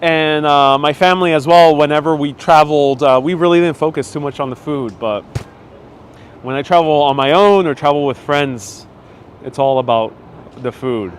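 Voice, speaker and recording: A man with a fairly high voice speaks at a moderate pace while livestreaming a walking tour through city streets. He chats casually, laughs often and reads viewer comments aloud, sounding a bit stuffy-nosed. Faint street noise comes through his wireless clip-on mic.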